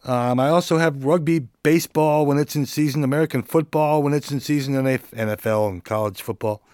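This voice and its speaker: A man's voice: fairly high pitch, brisk, a little mellow, clean tone, dry recording. Laid-back joking man, dry close mic. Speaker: podcast host. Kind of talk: casual solo podcast chat.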